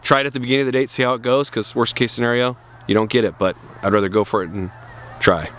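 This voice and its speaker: Young guy vlogging dating tips outside, swears a lot, laid-back, medium pitch. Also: fairly even intonation, fast talker, fairly bright tone. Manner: blunt and profane, laid-back. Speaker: dating coach. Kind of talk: casual advice vlog.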